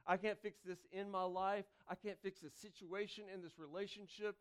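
High, clear-voiced man preaching a sermon. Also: steady tone, moderate pace. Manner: dynamic preaching, swinging between loud calls and hushed pleas; conversational, with restarts and asides to the congregation. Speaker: pastor. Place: church sanctuary.

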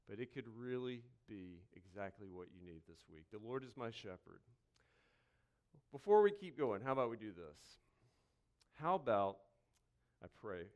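Preaching in a clear, resonant voice at medium pitch, a male pastor moves from lighthearted quips to slow, hushed reflection in a conversational sermon. Key phrases get repeated slowly for emphasis.

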